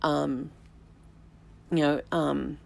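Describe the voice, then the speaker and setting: A middle-aged woman with a low, gravelly voice speaks straight to her viewers. She recalls a personal story slowly and reflectively, often stopping to restart a sentence or fill a pause with a soft "um.". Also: level tone. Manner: reflective, unhurried, with halting restarts and soft fillers. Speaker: vlog host, family tree researcher.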